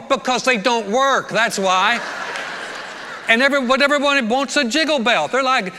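Animated pastor preaching in a hall. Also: male voice, very high-pitched, brisk. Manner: animated, joking, acts out voices of people. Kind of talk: sermon. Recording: long reverb of a large hall.

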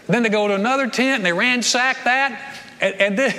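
A middle-aged male pastor preaching a sermon, telling the story in an animated way and repeating words as he goes. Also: very high voice, quick pace. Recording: long reverb of a large church hall.

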